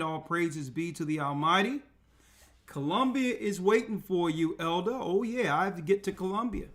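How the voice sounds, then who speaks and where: A man's voice: fairly high pitch, lively intonation, measured pace, fairly bright tone. A man hosting an online radio talk show, speaking unhurriedly and dropping in religious exclamations while he thinks aloud at his computer. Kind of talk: casual livestream talk.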